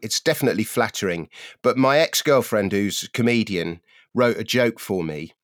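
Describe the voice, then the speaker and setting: A man's voice: lowish voice, lively intonation, moderate pace, no room sound. Wry dry-witted man guesting. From Southeast London. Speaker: podcast guest. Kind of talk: casual comedy chat.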